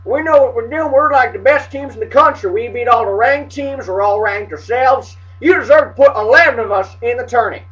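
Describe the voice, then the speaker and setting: A man's voice: very high voice, a little fast, few pauses, a bit bright, distant mic, dull audio. A man voicing a boastful, smug sports conference in a put-on Southern American accent. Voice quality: cocky, self-satisfied bragging.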